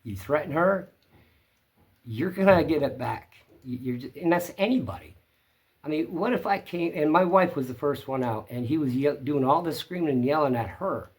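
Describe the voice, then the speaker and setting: A man's voice: a little high, animated, moderate pace. A man hosting his own channel, telling a story to camera in a plainspoken, rambling way. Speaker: channel host.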